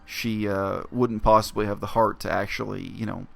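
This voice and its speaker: Gravelly-voiced man musing on camera. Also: fairly low pitch, flat delivery, fairly bright tone. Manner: reflective, explanatory, with many pauses and fillers. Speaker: vlogger. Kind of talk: casual spoken monologue.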